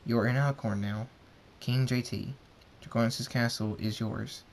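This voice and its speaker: A man's voice: medium pitch, fairly even intonation, measured pace, a little hiss or hum, close to an everyday voice. A man voicing an earnest young male pony king in a subdued, plain way, in an amateur storybook reading. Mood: determined.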